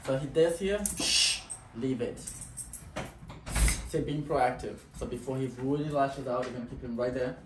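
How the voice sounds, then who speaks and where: Male dog trainer, mid-pitched, talking in short bursts; off-mic in an echoey room with clear background noise. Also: normal speed, long pauses, recorded from a distance. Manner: talks in short bursts, breaking off to give the dog commands. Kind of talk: explaining while training a dog.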